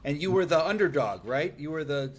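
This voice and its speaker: A man hosting a podcast from a room in a shared home, talking in a measured, gently probing therapist tone. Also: on the high side, lively intonation. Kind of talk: casual podcast chat.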